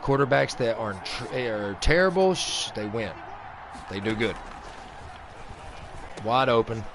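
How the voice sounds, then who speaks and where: The host of a sports video game channel does let's-play commentary as mock play-by-play, venting and swinging from flat grumbling to excited outbursts. His voice is medium-pitched and a little slow, with a noisy background.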